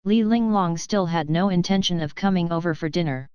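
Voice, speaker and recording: Woman, audiobook narrator, steady even reading, dry close-mic sound, crisp. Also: fairly low pitch, a little fast, no room sound, lo-fi sound. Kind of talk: scripted narration.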